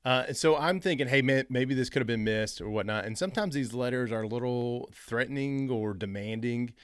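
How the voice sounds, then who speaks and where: A man hosting a show on rental investing, telling a personal story in a casual, animated way and acting out the phone calls he describes. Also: medium pitch, fairly quick, clean tone, dry recording, studio quality. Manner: animated, re-enacts phone calls in quoted voices. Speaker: real estate investing host.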